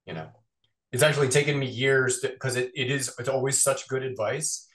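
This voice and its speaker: Animated man chatting in an echoey room. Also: medium pitch. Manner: animated, rambling, quick asides. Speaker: voice actor guest. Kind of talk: casual interview chat.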